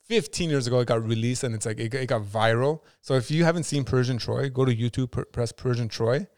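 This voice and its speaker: A man co-hosting a podcast rambles through a story in loose, casual chat, full of fillers and restarts. His voice is smooth and resonant at a middle pitch. The recording is dry and close. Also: quick pace, a little mellow, no room sound. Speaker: podcast co-host.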